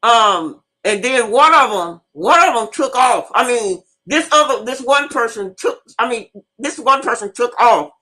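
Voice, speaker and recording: Her voice is a little high and unhurried as this woman, a host and teacher, spins an energetic, profanity-laced story in relaxed live talk, circling back to repeat herself.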